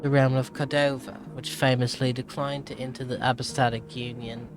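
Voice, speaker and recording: A man voices a reluctant female travel writer using a fake British accent, reading game text over background music. Theatrical yet tripping on words, he sounds wry; his medium-pitched voice barely moves, at normal speed, and stays natural.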